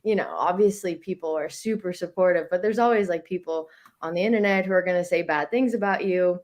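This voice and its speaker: A woman's voice: fairly low pitch, brisk, a little mellow. A young woman, a podcast guest, chatting casually and telling stories with lots of fillers and laughter. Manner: chatty storytelling with frequent likes and laughs. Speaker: guest, Olympic hockey player.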